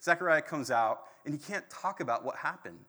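A man preaching a sermon in a casual, animated storytelling way. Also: fairly high pitch, brisk. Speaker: pastor. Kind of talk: conversational sermon.

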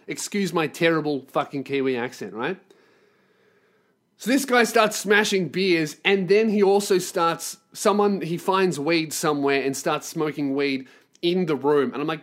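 A man with a slightly higher voice, telling a story on his podcast. He rants in a profane, sarcastic way. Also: normal speed, fairly bright tone. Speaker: podcast host and touring performer. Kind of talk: storytelling rant.

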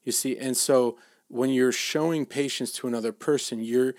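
Middle-aged man, mid-pitch, dry close sound, relaxed preaching with frequent restarts. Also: dry recording. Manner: casual, halting, many restarts and fillers. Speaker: dad giving a faith talk. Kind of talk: informal sermon.

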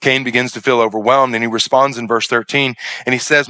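A man's voice: mid-range voice, a little fast, hardly any pauses, pushed and bright, no room sound. A male pastor preaching a sermon with emphatic delivery and repeated parallel phrases.

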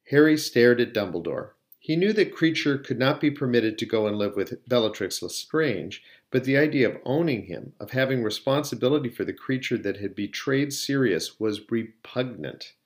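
A man narrating a novel aloud at a steady pace, with a few small slips on words. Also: medium pitch, normal speed, few pauses. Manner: steady, occasionally slipping on words. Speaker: audiobook reader. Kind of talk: storybook narration.

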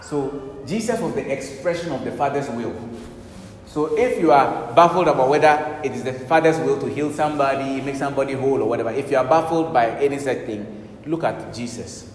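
A man preaching a sermon, swinging from loud, urgent bursts to hushed passages. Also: mid-range voice, a little fast, a little hiss or hum. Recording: echoey hall with long reverb, faint ambience.

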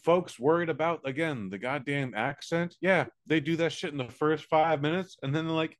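Animated, profane American man. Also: fairly high pitch. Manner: animated, profane, does quick silly voices. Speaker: podcast co-host. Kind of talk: casual movie review chat.

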